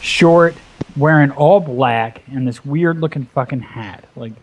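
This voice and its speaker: A young man casually telling a long, profane, animated anecdote as a gaming video host. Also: medium pitch, a little slow, slight background noise. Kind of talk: casual storytelling chat.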